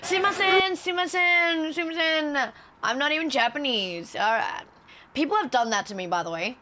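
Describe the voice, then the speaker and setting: A woman chatting on a live stream, telling animated stories with a lot of swearing and laughter. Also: fairly high pitch, fairly quick. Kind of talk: casual stream chat and storytelling.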